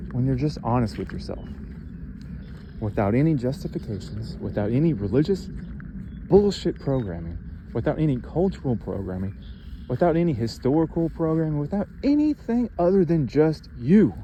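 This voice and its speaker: A man's voice: medium pitch, big pitch swings, normal speed, long pauses, highs cut off, background noise. A man delivering an impassioned monologue rant, angry and profane, firing off rhetorical questions.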